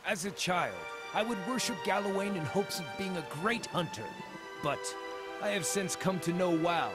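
A man voicing a friendly, easygoing male druid wanderer, reading the game's dialogue aloud in a relaxed, good-humored way over faint game music. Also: high-pitched, normal speed, lightly acted.

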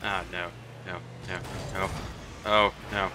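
A young man giving excited, trash-talking commentary while playing a video game, tossing "man" and "mate" into nearly every line. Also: low-pitched, slow, noisy background. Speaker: gamer. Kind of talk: live gameplay commentary.

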